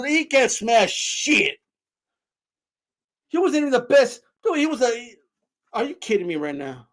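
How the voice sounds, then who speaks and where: A man with a notably high voice rants live on a stream, heated and mocking, swearing freely as he talks boxing. His tone swings between scornful jabs and loud outbursts. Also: lively intonation, unhurried.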